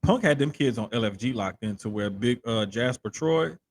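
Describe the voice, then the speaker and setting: A podcast co-host in casual sports chat, talking in an animated, slangy way. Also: male voice, mid-range voice, normal speed. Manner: animated, slangy, talks of having to control his accent on radio.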